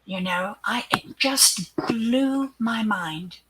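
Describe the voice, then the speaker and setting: An older woman, a guest in an interview, telling a personal story with animation. She acts out the quoted dialogue and sometimes drops into a hushed aside. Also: on the high side, extremely slow, background noise.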